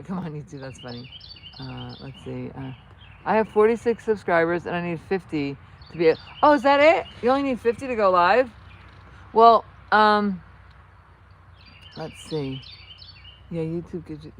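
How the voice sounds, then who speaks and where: A woman with a lowish voice and a New Jersey accent hosts a casual livestream chat with viewers outdoors among horses, rambling and laughing a lot. There's slight background noise.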